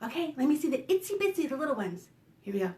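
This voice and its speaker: A woman children's librarian leading a preschool storytime, singing and talking to small children in an animated sing-song way. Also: high voice, fast talker, reverberant. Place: home, recorded for online storytime.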